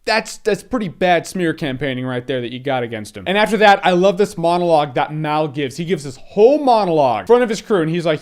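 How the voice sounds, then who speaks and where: A young man with a high, bright-sitting voice talks through a movie review in a loose, slangy way. He keeps switching into quick impressions of the characters as he goes. The delivery stays energetic and conversational throughout. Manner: animated, slangy, acts out quotes. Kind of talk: casual film review.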